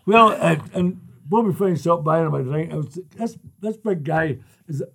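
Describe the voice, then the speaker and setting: With a fairly high voice edged by vocal fry, an older Scottish man recounts football anecdotes at a normal speed in easygoing talk. He tells them with gusto, chuckling as he goes.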